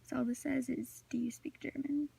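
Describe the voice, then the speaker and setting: In a high, level voice at normal speed, a teenage student reads a prepared talk for her class project, with some filler words here and there. Her tone is warm and slightly rough with vocal fry, and the recording places her far from the mic.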